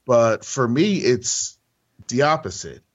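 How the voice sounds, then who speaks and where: A male comedian guest on a podcast, speaking candidly and haltingly, with frequent restarts and fillers. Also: medium pitch, very animated, lo-fi sound.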